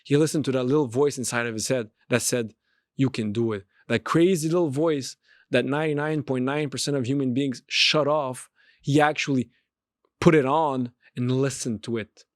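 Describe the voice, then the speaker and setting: A man at a medium pitch delivers a motivational monologue on his podcast, driving points home through repetition. His voice sounds dry and close, with no room echo around it. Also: fairly even intonation, moderate pace. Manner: emphatic, repeats phrases and restarts. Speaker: podcast host and street pastor.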